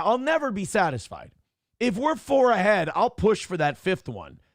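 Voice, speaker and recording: A man with a high-pitched voice hosts a casual livestream, reading out chat messages. He is loud and joking, jumping between shouts and low mutters. The sound is dry and close to the mic. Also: dry recording. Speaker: show host reading chat donations.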